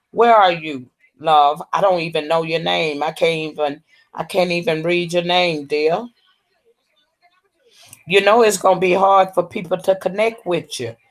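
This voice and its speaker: A woman hosting a casual livestream, drawling and calling viewers baby and honey. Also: lowish voice. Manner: slow, drawling, full of terms of endearment. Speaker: livestream host.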